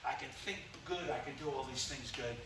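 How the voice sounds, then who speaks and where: A man's voice: medium pitch, a little fast, noisy background. A man teaching self-defense in a casual, rambling way, full of fillers and asides. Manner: rambling and folksy, many fillers. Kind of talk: casual instructional talk during a demonstration. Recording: very echoey room audio, distant from mic.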